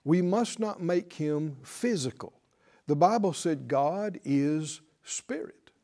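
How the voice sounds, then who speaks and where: Male preacher, slightly higher voice, unhurried emphatic sermon delivery. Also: animated. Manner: slow, emphatic preaching with sudden loud stresses.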